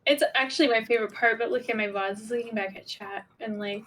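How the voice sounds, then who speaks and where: A woman's voice: on the high side, fairly even intonation, fast talker, a bit bright, a little hiss or hum. A woman guest streamer in a casual chat, bubbly, laughing often and quoting herself.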